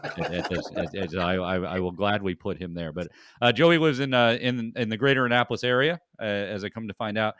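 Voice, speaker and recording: Low-voiced, rambling podcast host man. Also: lively intonation, brisk, fairly bright tone, no room sound, clean studio sound. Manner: rambling, many fillers and restarts. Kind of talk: casual chat.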